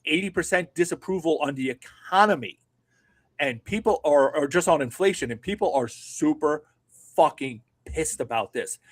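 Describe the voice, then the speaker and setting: A middle-aged man co-hosting a political talk show, ranting sarcastically and swearing often. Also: sits high. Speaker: political podcast co-host. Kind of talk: casual political commentary.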